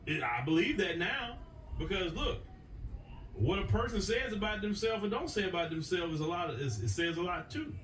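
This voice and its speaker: An American man speaks a little high for a man, pressing his points again and again in an emphatic commentary monologue. He sits back from the microphone, so his voice sounds distant in a roomy, echoing space. A faint hiss of noise runs under him. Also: sing-song, normal speed, fairly bright tone. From United States. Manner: emphatic and repetitive, hammering points home. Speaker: political commentary host. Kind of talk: opinion monologue to viewers. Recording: echoey room, voice away from the mic, faint noise.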